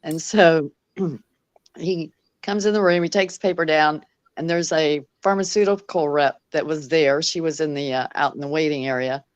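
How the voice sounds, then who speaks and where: A woman's voice: sits low, normal speed, no room sound. Laughing woman telling a story. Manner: animated retelling, laughs often, many fillers. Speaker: guest. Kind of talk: casual storytelling.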